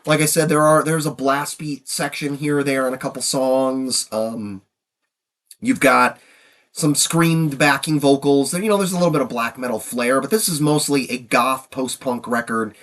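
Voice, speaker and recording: A man's voice: mid-range voice, moderate pace, fairly bright tone. A man in his fifties with a cold and a sniffle, talking loosely through an album countdown and trailing off now and then. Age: 50s. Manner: rambling, trailing off. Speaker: music reviewer.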